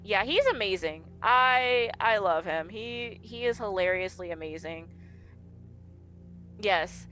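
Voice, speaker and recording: This streamer's voice is mid-range and fairly bright, with lively intonation and a slow delivery. She chats while gaming, telling stories in which she acts out quoted dialogue, and she laughs frequently. Faint game music sits behind her.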